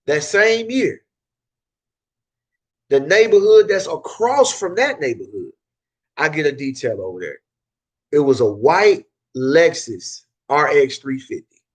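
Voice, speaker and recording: A man with a Southern accent speaks casually to his viewers in a slightly higher-than-usual voice. He repeats phrases for emphasis and often restarts mid-sentence, sharing hard-won business lessons. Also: sing-song, a little slow, long pauses, slightly rough. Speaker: car detailing business owner. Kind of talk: casual advice talk to camera.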